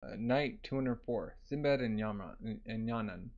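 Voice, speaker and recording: A man's voice: lowish voice, moderate pace, darkish tone. Man casually reading a manga aloud. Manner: reads sound effects aloud, filler "like". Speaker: manga reader. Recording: dull lo-fi recording.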